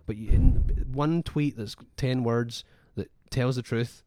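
A man's voice: mid-range voice, slow pace, dark tone, dry recording, studio quality. A man co-hosting a podcast in casual, rambling chat full of fillers and restarts. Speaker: podcast co-host.

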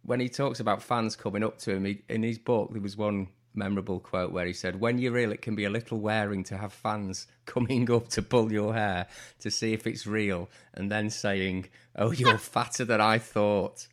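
A man's voice: on the low side, fairly even intonation, normal speed. A man co-hosting a podcast, telling dry anecdotes in casual chat. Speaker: podcast co-host.

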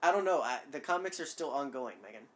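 Very low-voiced woman podcast co-host. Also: fast talker. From Georgia, USA. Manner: laughs often, animated and chatty. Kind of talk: casual podcast chat.

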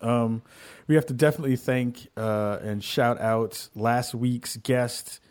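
Animated man hosting a podcast. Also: medium pitch. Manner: animated, joking, fast storytelling. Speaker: podcast host. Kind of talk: casual podcast banter.

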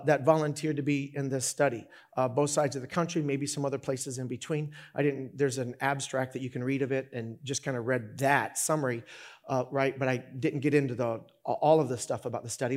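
A man preaching a sermon as pastor, talking in an animated, conversational way with many restarts. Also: mid-range voice.

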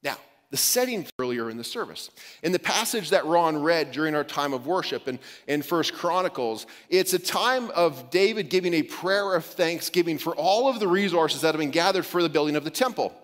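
A man's voice: on the high side, expressive, normal speed. A man preaching a sermon as a pastor, conversational, with light humor and frequent restarts. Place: church sanctuary. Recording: long reverb of a church hall.

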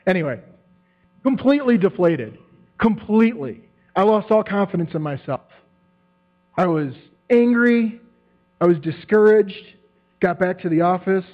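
A man's voice: sits high, measured pace, pauses often, faint music behind. Man telling a testimony on a tinny line. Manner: animated storytelling, acts out quotes, laughs often. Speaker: church member giving a testimony. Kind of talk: testimony talk to a church group. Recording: tinny phone-like sound with mains hum.

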